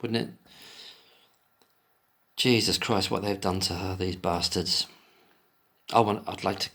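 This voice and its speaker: A man with a fairly low voice reads passages aloud in a solo commentary. Between the passages he breaks into emotional, indignant tirades full of swearing. He keeps returning to the text and then flaring up again. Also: fairly even intonation, unhurried, pauses often, a bit bright. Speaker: commentator reading and discussing an article. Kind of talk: solo commentary, reading aloud with angry asides.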